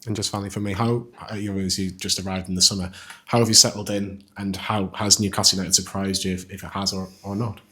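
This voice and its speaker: A man's voice: deep voice, little pitch movement, fast talker, bright, forceful tone. A man journalist asking plain, businesslike questions at a press conference.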